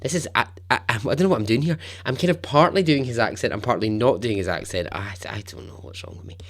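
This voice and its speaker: A man hosting a storytelling podcast, narrating in a chatty, animated way with asides. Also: mid-range voice, quick pace. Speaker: podcast host.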